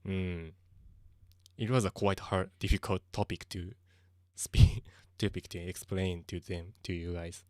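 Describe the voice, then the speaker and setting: A man's voice: low-pitched, steady tone, measured pace, a little mellow, dry recording, studio quality. A young Japanese man streaming casually, speaking English with a Japanese accent, hesitant and often searching for words, slipping into Japanese. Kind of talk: casual live-stream chat.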